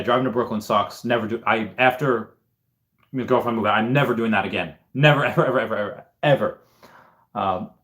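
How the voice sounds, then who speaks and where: A man hosting a casual livestream, reading chat comments aloud and thinking out loud in a rambling way. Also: fairly low pitch. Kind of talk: casual live-stream chat.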